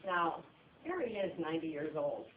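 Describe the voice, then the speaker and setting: A woman giving a funeral eulogy, sharing personal memories in a conversational way with pauses and restarts. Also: sits low, big pitch swings, a little hiss or hum. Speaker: eulogy speaker. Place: funeral service room. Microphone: phone recording from the audience. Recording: echoey room, distant tinny phone audio.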